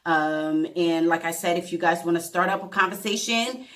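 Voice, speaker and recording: A woman's voice: fairly low pitch, a bit bright. Earnest woman holding back tears. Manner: earnest, emotional, halting reading with self-corrections. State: close to tears. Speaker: vlogger. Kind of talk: heartfelt vlog talk and reading a letter aloud.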